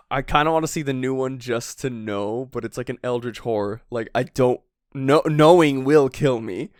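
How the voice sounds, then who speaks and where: A man co-hosting a podcast, chatting excitably, laughing often and swearing casually. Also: mid-range voice, normal speed, dry recording, studio quality. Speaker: podcast co-host. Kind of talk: casual chat recapping a manga chapter. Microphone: podcast microphone.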